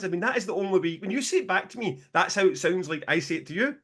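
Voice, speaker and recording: Scottish male co-host, higher register, lively and sweary, laughs a lot. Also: quick pace, few pauses. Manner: animated, sweary, laughing storyteller. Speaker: podcast co-host, promoter. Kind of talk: casual podcast chat.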